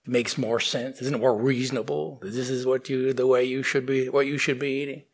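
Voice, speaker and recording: A man voicing a wise old father lion who coaxes and instructs in a low, hushed tone. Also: level tone, normal speed, natural voice. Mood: coaxing.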